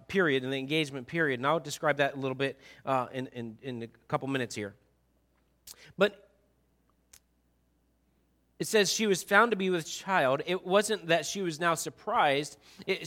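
A man's voice: a little high, pushed and bright. A male pastor giving a conversational sermon and telling stories animatedly to a congregation in a church.

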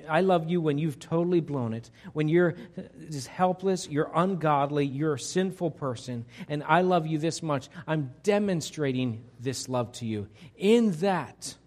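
A pastor preaching a conversational sermon to his congregation, swinging between loud emphasis and quiet, hushed lines. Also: on the high side. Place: church sanctuary.

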